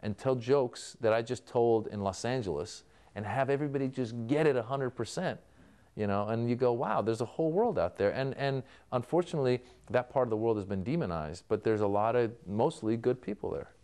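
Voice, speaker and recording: A man's voice: mid-range voice, fairly quick, warm tone, clear, resonant tone. A man being interviewed as a comedian, answering in a storytelling way and acting out remembered exchanges. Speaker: comedian guest.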